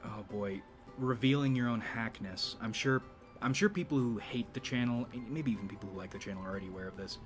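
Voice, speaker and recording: Man in a deliberately lowered voice. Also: faint music behind. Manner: deliberately low, vibrato-tinged speaking register; rambling, with frequent restarts and profanity. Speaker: YouTube channel host. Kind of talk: casual monologue.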